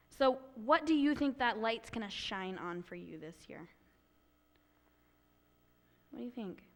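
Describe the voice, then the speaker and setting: A woman pastor giving a children's message in church, asking soft, coaxing questions. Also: a little high. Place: church sanctuary.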